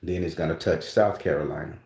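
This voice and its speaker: A man's voice: a bass voice, fairly quick, a little mellow, roomy sound. A man hosting his own channel, talking casually and loosely to his viewers, with rambling restarts and frequent swearing. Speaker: spiritual channel host.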